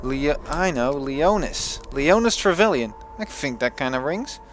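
A man's voice: fairly high pitch, animated, a little slow, a little hiss or hum. A young man with a Dutch accent, chatting casually and thinking aloud as he plays a video game. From Netherlands. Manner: chatty, thinks aloud with restarts and self-talk. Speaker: let's play gamer.

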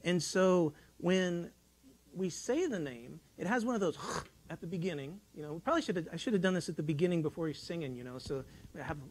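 High-voiced man preaching a folksy sermon. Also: animated, fairly quick, rough recording. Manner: folksy, rambling storytelling with many restarts. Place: church sanctuary.

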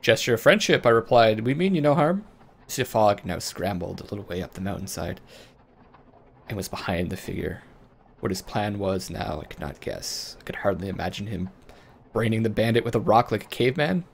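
A man's voice: on the low side, fairly quick, gravelly. A man hosting a let's play, reading the game's story aloud and breaking into jokey asides. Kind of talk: reading game text aloud with casual asides.

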